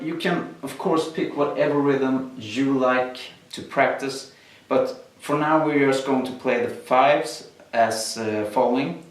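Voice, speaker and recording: A man teaching a drum lesson, explaining exercises step by step with frequent fillers. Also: mid-range voice. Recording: echoey room, mic at a distance. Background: drums played between explanations.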